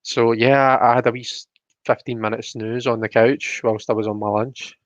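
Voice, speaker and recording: A man's voice: medium pitch, fairly even intonation, moderate pace, dry recording. A man hosting a casual live stream, chatty as he greets viewers by name and reads the chat aloud. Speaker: livestream host. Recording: dull, dry lo-fi stream audio.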